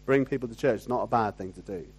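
A man preaching a sermon in a conversational way, often asking rhetorical tag questions and swinging from loud emphasis to quiet asides. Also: mid-range voice, fast, breathy edge. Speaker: pastor.

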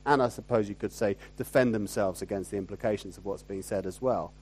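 A man preaching a sermon in a conversational way, often asking rhetorical tag questions and swinging from loud emphasis to quiet asides. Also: on the low side, fairly quick, breathy edge. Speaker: pastor.

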